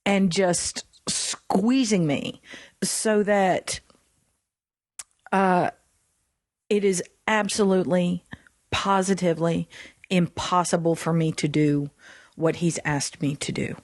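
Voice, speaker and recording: A woman co-hosting a Christian podcast, talking in an animated way and laughing often. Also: fairly low pitch, takes it slowly, pauses often, dry recording, studio quality. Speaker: podcast co-host.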